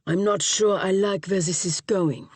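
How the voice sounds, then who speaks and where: A woman's voice: mid-range voice, fairly even intonation, measured pace, a little mellow, breathy edge, dry recording. A woman voicing a blunt, terse female special agent and former sniper.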